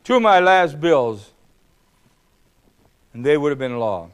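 Older guy, blunt and fighty, clear smooth voice a bit high, goes loud then quiet. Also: sing-song, slow pace. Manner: blunt, combative, swings from loud to low. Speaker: speaker. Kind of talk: public speech storytelling. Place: hall.

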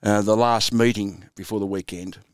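A man's voice: fairly low pitch, steady tone, normal speed, clean tone, dry recording, studio quality. An Australian man in his sixties, a former footballer and coach, telling anecdotes in a laid-back, chuckling interview style. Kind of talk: storytelling interview.

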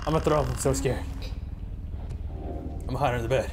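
A let's play gamer commentates a horror game over game music and other background noise. His mid-range voice is steady and fast, and he's jumpy, exclaiming and joking with his viewers.

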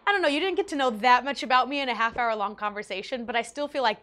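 A young woman vlogger telling a personal story in an animated, emotional way, with big swings in her voice. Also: on the high side, quick pace. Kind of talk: storytime vlog.

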